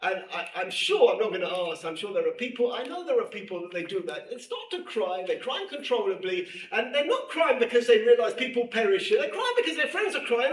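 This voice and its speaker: A man teaching a class, animated and emphatic, repeating key phrases and reading Hebrew texts quickly. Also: extremely high pitch. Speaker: teacher at a women's seminary. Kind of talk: lecture to a class. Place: room with a class present. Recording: echoey room, distant mic, faint hiss.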